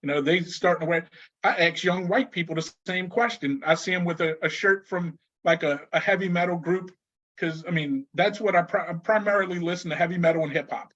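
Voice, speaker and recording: A man with a notably high voice tells stories as a guest, laughing and restarting as he goes. The audio is slightly muffled and lo-fi. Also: a little fast. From New Orleans. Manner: animated storyteller, laughs often, many restarts. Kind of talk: casual conversation.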